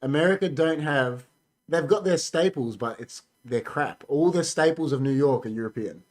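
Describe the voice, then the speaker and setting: A man's voice: fairly high pitch, moderate pace. A young Australian man co-hosting a casual podcast chat, talking emphatically and ending boasts with "bro". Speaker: podcast co-host.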